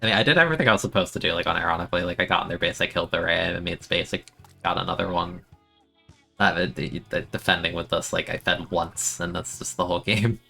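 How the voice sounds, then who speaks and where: A young man streaming a video game, chatting excitably and self-mockingly, often stammering and repeating words. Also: low-pitched, fast, vocal fry, faint music behind. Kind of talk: casual gameplay commentary.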